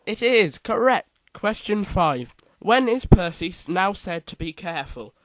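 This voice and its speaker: Man, quiz host, playful asides, higher pitch, dry recording. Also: lively intonation, measured pace, fairly bright tone, no room sound, poor audio. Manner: reads multiple-choice options, playful asides. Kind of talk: casual quiz reading.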